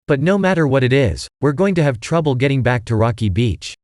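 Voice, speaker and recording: A man's voice: medium pitch, expressive, fairly quick, a little mellow, no echo, studio quality, natural voice. A man reading the lines of an eager teenage boy detective.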